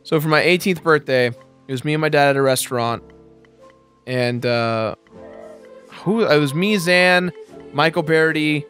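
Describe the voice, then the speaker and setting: A man's voice: on the high side, normal speed, pauses often, a bit bright, smooth. A man in his twenties co-hosting a gameplay video, telling a rambling anecdote with casual commentary. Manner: rambling anecdotal storytelling, laughs at own punchlines. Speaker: let's play co-host. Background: faint game music.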